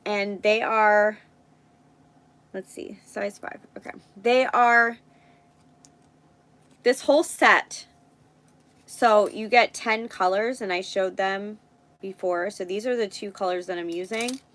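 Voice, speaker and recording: A woman's voice: mid-range voice, steady tone, takes it slowly, long pauses, fairly bright tone, low-quality recording. A woman hosting a casual live stream, thinking aloud as she works and chatting with viewers. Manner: thinks aloud while working, chats with viewers.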